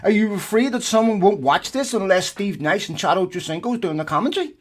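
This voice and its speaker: A man's voice: high voice, fast, a loud crowd. Ranting man with a raised voice. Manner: animated, ranting, swears. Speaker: podcast co-host. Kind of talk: heated casual podcast chat.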